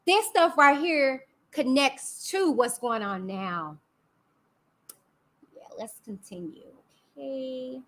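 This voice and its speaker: A woman's voice: high voice, lively intonation, slow, long pauses, a bit bright. A woman hosting a casual live-stream commentary, sassy and chatty, talking back to her chat. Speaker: YouTube host.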